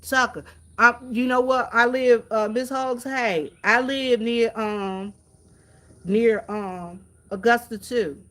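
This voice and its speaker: A woman's voice: on the high side, fairly even intonation, a little slow, a bit bright. A woman chatting casually to her viewers on a phone stream from the countryside, repeating herself and calling out "y'all" again and again. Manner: chatty, repetitive, keeps addressing viewers as y'all. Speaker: vlogger. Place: outdoors in the countryside near horses.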